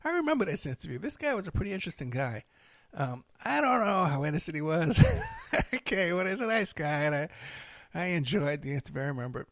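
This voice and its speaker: Gravelly rambling middle-aged man. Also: a little high, quick pace, no room sound, studio quality. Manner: rambling, animated storytelling with laughs and asides. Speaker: podcast host. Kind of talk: rambling casual monologue.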